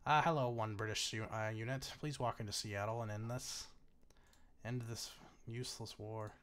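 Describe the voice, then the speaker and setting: A man's voice: fairly low pitch, fairly even intonation, normal speed, fairly bright tone, a little hiss or hum. A man casually commentating a strategy game he is watching, chatty and bemused, swearing freely and laughing often. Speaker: gaming YouTuber. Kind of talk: casual let's-play commentary.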